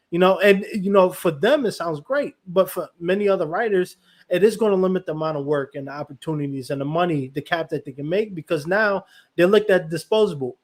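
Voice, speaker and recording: A man's voice: sits high, a little fast. A man hosting a podcast interview in casual conversation, talking in a rambling way and leaning on "you know" fillers. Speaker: podcast host.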